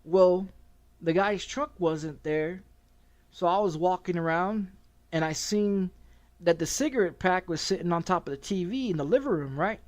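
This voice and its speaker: Male game streamer, higher voice, rambling and profane, casual storyteller. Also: moderate pace. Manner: profane and rambling, with many restarts.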